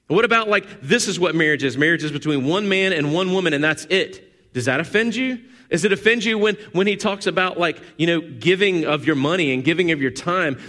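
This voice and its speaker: A man delivering a sermon with a fairly high-pitched voice. He preaches in an animated way, swinging from loud, emphatic peaks down to quiet, low asides. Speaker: pastor.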